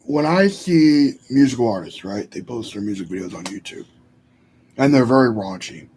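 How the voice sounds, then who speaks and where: A man's voice: medium pitch, animated, normal speed, a little mellow, a little hiss or hum, poor audio. A man giving a casual commentary vlog from his computer, thinking aloud with fillers and self-corrections. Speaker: YouTuber.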